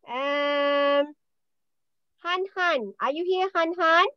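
High-voiced, slow Malaysian woman teacher. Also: no echo, muffled recording. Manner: patient, repeats words and names often. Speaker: English teacher. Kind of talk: online class roll call and vocabulary quiz.

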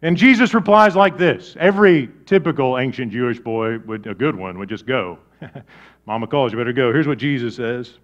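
A man preaching a sermon, swinging from loud, animated storytelling to quiet, low emphasis. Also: normal speed, highs cut off. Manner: lively preaching with big swings in volume. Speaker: pastor.

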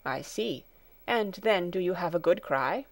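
A woman reading a storybook, voicing a kind, calm male doctor who speaks in a gentle, soothing way. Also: lowish voice, measured pace, dry recording.

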